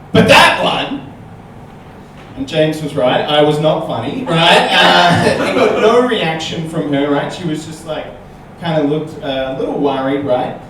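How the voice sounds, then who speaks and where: A male comedian telling a stand-up story and chatting on stage, animated and tagging lines with "right?". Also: fairly high pitch. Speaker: comedian guest. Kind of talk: live stand-up storytelling and chat. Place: small comedy venue with audience. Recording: echoey live room, distant mic, noisy.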